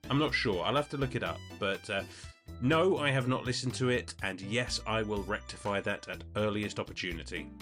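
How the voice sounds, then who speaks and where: A man's voice: fairly low pitch, brisk, a bit bright, soft background music. A British man hosting a podcast, casually answering listener questions in a rambling, self-correcting way. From United Kingdom. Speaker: podcast host.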